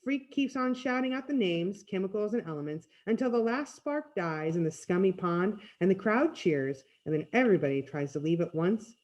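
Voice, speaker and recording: A woman reading a storybook aloud in first person, with expressive storytelling. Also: medium pitch, moderate pace, few pauses. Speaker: reader. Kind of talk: read-aloud storybook narration.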